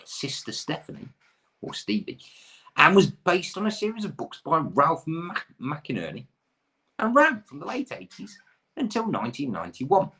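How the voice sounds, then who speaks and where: A man's voice: fairly low pitch, bright, forceful tone, husky. A man in his thirties from the UK, hosting a pub quiz with chatty, rambling, self-deprecating asides.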